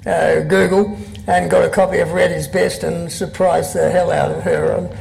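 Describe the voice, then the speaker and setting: Gravelly high-voiced Australian man in his sixties. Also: flat delivery, moderate pace, a little mellow, low-quality recording. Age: 60s. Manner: dry, wry storyteller. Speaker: poet and guest. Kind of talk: reading poems and telling anecdotes on stage. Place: live event before an audience.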